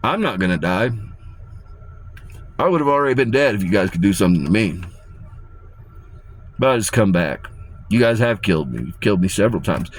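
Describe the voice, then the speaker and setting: A man's voice: lowish voice, animated, fairly quick, pauses often. A man delivering a rambling, profane and menacing rant to his viewers, often repeating himself. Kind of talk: ranting monologue to camera.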